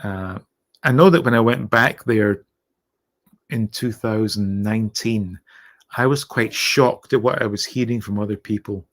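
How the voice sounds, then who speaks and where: Slow, halting Scottish man on a livestream. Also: on the low side. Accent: Scottish, softened by years in North America. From Scotland. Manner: rambling, halting, lots of uh and restarts, thanks viewers. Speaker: livestream host. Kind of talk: casual livestream chat reading out viewer comments.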